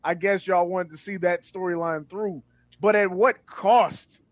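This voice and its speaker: Animated, profane man reviewing movies. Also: sits high, unhurried, muffled recording. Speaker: podcast co-host. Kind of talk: casual film review chat.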